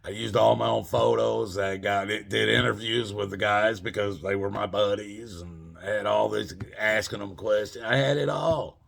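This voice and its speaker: A man's voice: on the low side, moderate pace, creaky, hardly any pauses, fairly bright tone. A middle-aged man casually telling a rambling, profane story and calling his listeners folks. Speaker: channel host telling a story.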